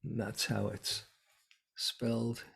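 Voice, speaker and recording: A man giving a Buddhist dharma talk as a meditation teacher, reflective and unhurried, pausing often with soft fillers. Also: medium pitch, level tone, vocal fry, breathy edge.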